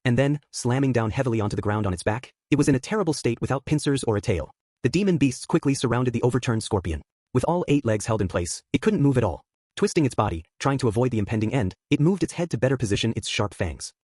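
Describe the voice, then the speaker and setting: A man narrating an audiobook in a steady storytelling manner. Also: mid-range voice, fast talker, no echo, studio quality. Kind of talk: scripted narration.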